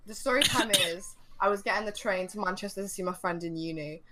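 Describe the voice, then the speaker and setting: A young adult woman telling an animated, swear-heavy story in casual podcast chat, building to indignant outbursts. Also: mid-range voice, fast talker.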